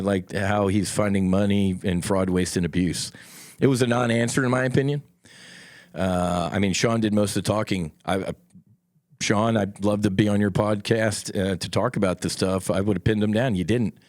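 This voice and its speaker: A man's voice: lowish voice, no room sound, clean studio sound. A middle-aged man hosting a solo podcast, talking in a blunt, impassioned way and swearing freely. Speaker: podcast host.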